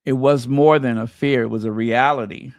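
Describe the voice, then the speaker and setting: In this casual chat, a royal gossip channel host mutters to himself while searching for something and stumbles over his words. His voice is medium-pitched and a little mellow, with fairly even intonation and a moderate pace. There's no room sound.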